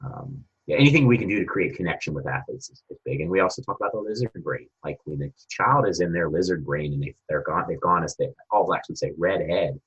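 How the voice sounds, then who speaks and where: Deep, husky-voiced man telling stories. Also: quick pace, hardly any pauses, muffled recording. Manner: animated storyteller. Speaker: guest coach developer. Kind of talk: conversational interview.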